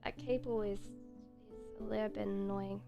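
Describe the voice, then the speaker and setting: A woman's voice: mid-range voice, fairly even intonation, measured pace, creaky, mellow, soft background music. A woman with an Australian accent blended with British, chatting casually on a live stream as a tarot reader, rambling and giggling with lots of fillers. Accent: Australian mixed with British.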